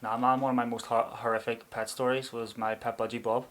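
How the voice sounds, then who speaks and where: A man in his thirties, co-hosting a podcast and telling animated stories with frequent laughter. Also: medium pitch, brisk. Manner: animated storyteller who laughs often. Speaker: podcast co-host. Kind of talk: casual chat.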